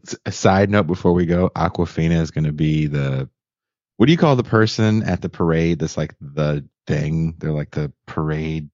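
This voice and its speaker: A man hosting a podcast, chatting casually and telling animated, joking stories. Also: rumbling low, normal speed, no room sound. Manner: animated, laughing, storytelling. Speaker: podcast host. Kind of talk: casual chat. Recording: dull lo-fi sound.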